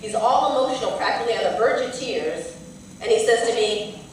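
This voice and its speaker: A woman's voice: on the high side, expressive, a little fast, distant mic, a little hiss or hum. A woman lawyer giving a lecture, telling a personal story in an earnest, vivid way. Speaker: civil rights lawyer and lecturer. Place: large lecture hall. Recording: very echoey hall, heard from afar.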